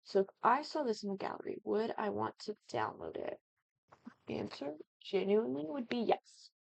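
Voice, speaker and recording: A young woman from the Midwest chatting animatedly while building a house in a game, with excited exclamations. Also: mid-range voice, moderate pace, creaky, no room sound, rough recording. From American Midwest. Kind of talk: casual gaming commentary.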